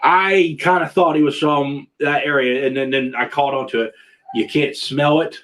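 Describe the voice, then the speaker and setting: A man's voice: a little high, fairly even intonation, normal speed, a bit bright. A man hosting a casual video-call chat, rambling and restarting his sentences often. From Pennsylvania. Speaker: podcast host.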